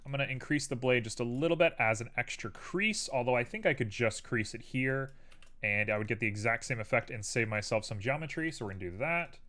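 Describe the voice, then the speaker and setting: A man's voice: mid-range voice, fairly quick, bright, forceful tone. A man hosting a live stream, casually chatting and thinking aloud to viewers as he builds a 3D model.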